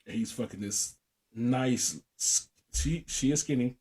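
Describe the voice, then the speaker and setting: A man's voice: medium pitch, a little slow, a little mellow. A young man co-hosting a podcast, telling a profane story in casual chat and laughing often. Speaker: podcast co-host.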